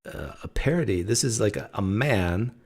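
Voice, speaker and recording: A man's voice: lowish voice, lively intonation, moderate pace, a little mellow, husky. Chatty, amused male podcast host. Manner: chatty, amused, loose, many fillers. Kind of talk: casual commentary.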